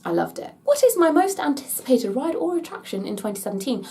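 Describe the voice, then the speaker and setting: A woman's voice: high-pitched, very animated, fast talker, dark tone. A young English woman vlogger answering Q&A questions in a chatty, gushing way, often thinking aloud. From England. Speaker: theme park vlogger. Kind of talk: casual Q&A vlog.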